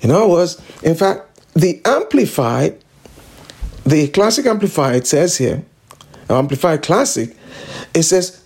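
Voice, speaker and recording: A woman's voice: deep voice, sing-song, slow, pauses often, darkish tone, breathy edge. A woman pastor preaching a sermon, emphatic and repeating declarations again and again.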